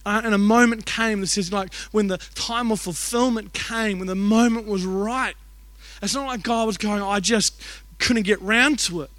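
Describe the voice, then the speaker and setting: The preacher's voice is high-pitched and a bit bright, at normal speed, with no room sound. In an emotional storytelling sermon, he relates something personal in a conversational, earnest way, full of "like" and tangents.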